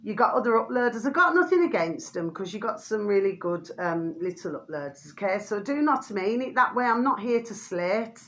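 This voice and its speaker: A woman's voice: medium pitch, very animated, moderate pace, few pauses. A middle-aged woman from the UK ranting to camera as a vlogger, blunt and fiery, swearing freely and repeating the same pet phrase. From United Kingdom.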